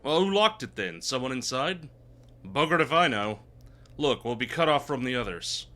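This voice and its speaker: A man's voice: medium pitch, animated, normal speed, pushed and bright. A man reading game dialogue aloud for squabbling medieval knights, with archaic, lightly dramatic delivery. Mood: bickering. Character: gruff male medieval knights bickering.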